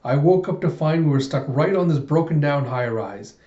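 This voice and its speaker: A man's voice: a little high, animated, normal speed, dark tone, echoey room, highs cut off, natural voice. A man voicing a cocky young male drifter with a wry drawl.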